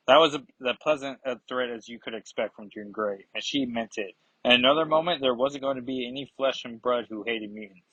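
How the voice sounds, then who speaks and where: A man casually talks through a comic book, rambling and correcting himself. His voice is husky and sits in a middle pitch. The recording is dry and close. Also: fairly quick, hardly any pauses, fairly bright tone, dry recording, muffled recording. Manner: rambling, with frequent fillers and self-corrections. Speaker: comic reviewer. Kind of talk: casual comic review and read-aloud.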